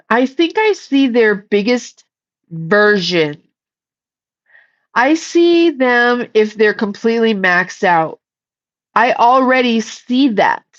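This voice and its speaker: A woman's voice: fairly high pitch, very animated, slow, long pauses, lo-fi sound. A woman casually chatting on a livestream, blunt and swearing freely while reading the chat and shooing her cat.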